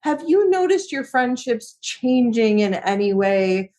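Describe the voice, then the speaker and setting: A woman co-hosting a podcast, asking a guest gentle, careful questions. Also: on the high side, very animated, measured pace. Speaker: podcast co-host. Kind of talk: conversational podcast interview.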